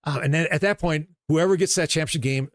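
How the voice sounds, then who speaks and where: A man's voice: on the high side, quick pace, dry recording, studio quality. A middle-aged man, a basketball coach as guest, telling stories and acting out quoted dialogue. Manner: animated storyteller, acts out quoted dialogue. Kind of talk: storytelling interview talk.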